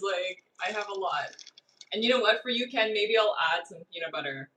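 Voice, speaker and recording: A woman chatting to the camera as a baking vlogger, excitable, gasping and giggling as she plates cake. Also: medium pitch, a little fast, far from the mic, low-quality recording. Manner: talks to the camera while plating cake. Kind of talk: casual vlog chat.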